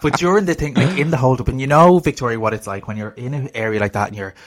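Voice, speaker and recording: A man with an Irish accent, co-hosting a casual chat and telling an animated story, swearing freely and laughing often. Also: mid-range voice, fast, a little hiss or hum. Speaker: podcast co-host.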